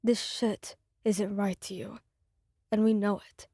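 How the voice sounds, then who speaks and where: A woman voicing a gruff, hot-tempered young man who speaks low and frustrated in an ASMR audio story. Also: fairly even intonation, takes it slowly, mellow, no echo, studio quality. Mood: strained.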